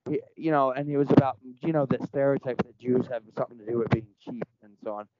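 A man's voice: mid-range voice, quick pace, dry recording. A man telling a story in casual conversation as a podcast guest, earnest and rambling, framing it in spiritual terms. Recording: dull lo-fi dry sound.

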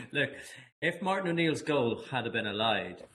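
A man's voice: mid-range voice, big pitch swings, takes it slowly, a bit bright, slight background noise. A man, chatting casually on a podcast, rambling and laughing with many restarts. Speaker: podcast co-host. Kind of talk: casual chat.

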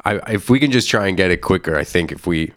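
An actor playing a slow, soothing, salesy male self-help guru doctor in an improvised comedy scene. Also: sits low, lively intonation, a bit bright, no echo, studio quality. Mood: smooth, salesy.

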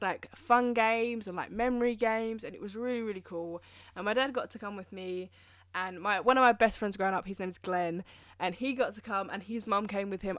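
A woman's voice: medium pitch, no room sound, clean studio sound. Chatty rambling young woman. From England. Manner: rambling, chatty, self-mocking with frequent fillers. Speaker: podcast host. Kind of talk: casual monologue.

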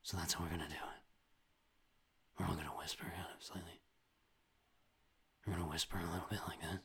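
A man parodying an overwrought TV drama actor in a whispered role-play, breathy and hushed with long dramatic pauses. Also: mid-range voice, natural voice.

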